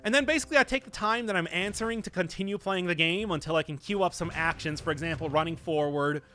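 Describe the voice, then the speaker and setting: A young man live-streaming a game, chatting casually and answering chat in an animated, self-mocking way. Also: high voice, fast talker, a little hiss or hum. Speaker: gaming streamer.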